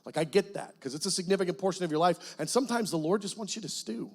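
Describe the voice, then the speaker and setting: A middle-aged guest pastor telling a personal testimony in a church, animated storytelling that breaks into loud cries as he acts out prayers. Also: sits high, fast talker. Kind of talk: sermon testimony. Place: church sanctuary.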